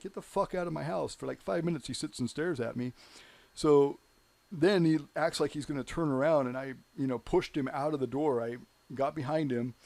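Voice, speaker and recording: A man's voice: mid-range voice, a little mellow. A man hosting his own show, telling a story in a rambling, heated monologue full of "you know". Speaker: show host.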